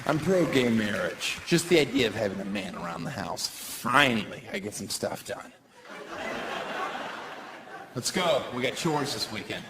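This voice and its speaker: Male stand-up comic, animated and a little high-voiced, live in an echoey club with the crowd audible. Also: moderate pace, creaky. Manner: animated, jumps into shrill high put-on voices for bits. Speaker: stand-up comedian. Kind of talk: stand-up comedy set. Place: comedy club stage with a laughing audience. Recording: roomy live club sound with crowd noise.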